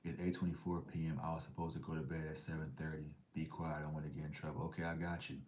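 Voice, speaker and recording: A middle-aged man with a very low voice hosts a casual livestream. He reads out chat messages in a laid-back, slangy way and now and then drops to a whisper for an aside. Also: little pitch movement, fast, a little mellow. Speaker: livestream host reading chat.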